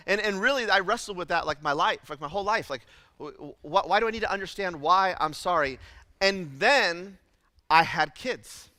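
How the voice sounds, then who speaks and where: A man preaching a sermon as pastor, telling a childhood story in an animated, self-deprecating way with lots of fillers. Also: sits high, moderate pace, dry recording, long reverb tail. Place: church auditorium.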